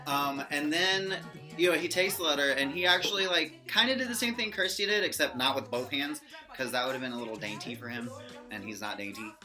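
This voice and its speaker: A young woman excitedly telling a fan story in a casual vlog, gushing and giggly. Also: sits low, a little fast. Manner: gushing fangirl, giggly, animated quoting. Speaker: vlogger. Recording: music playing behind.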